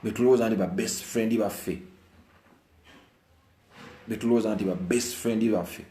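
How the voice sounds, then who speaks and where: A Ugandan man's dark-toned voice, fairly even in intonation and at normal speed, carries a casual monologue of opinion through an echoey room. He restates phrases for emphasis and moves back and forth between low, brooding talk and heated eruptions.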